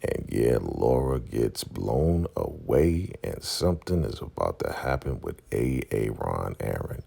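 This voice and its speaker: A man giving a casual episode recap as a vlogger, retelling scenes with animated storytelling. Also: a bass voice, unhurried, creaky, husky.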